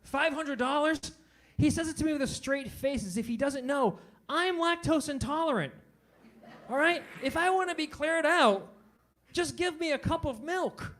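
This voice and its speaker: A man in his forties works through a stand-up comedy set, poking fun at himself with punchy delivery. His voice sits fairly high for a man, and he checks in with the audience after each punchline. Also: expressive, moderate pace, fairly bright tone. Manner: self-deprecating, punchy, tags jokes with "all right?".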